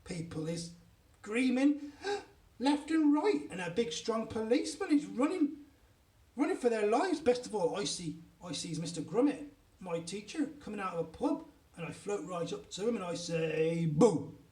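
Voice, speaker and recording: Guy putting on a giddy little boy voice, high and jumpy, big storybook telling. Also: big pitch swings, normal speed, a little mellow, echoey room, distant mic. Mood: boastful glee. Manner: ungrammatical giant-style speech, bursts high. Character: excitable young boy dreamer, boastful.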